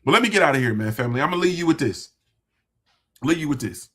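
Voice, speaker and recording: A man's voice: on the high side, animated, fast, pushed and bright, husky. A man hosting a motivational talk for his viewers, speaking in a conversational, emphatic way, repeating phrases for emphasis. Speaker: host.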